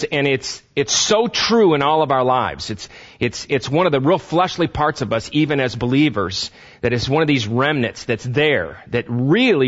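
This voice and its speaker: A male pastor gives a loose, chatty sermon in a church, restarting phrases and asking the congregation questions. His voice sits at an everyday middle pitch. The recording sounds dull and lo-fi. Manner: stumbles and repeats words, quizzes the congregation. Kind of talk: conversational sermon.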